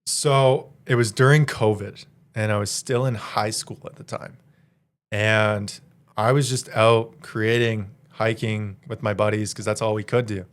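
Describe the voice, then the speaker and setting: A young man in his twenties from Canada, a podcast guest telling a story in a casual, slangy, animated way and laughing as he goes. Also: lowish voice, measured pace, clear, resonant tone. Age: 20s.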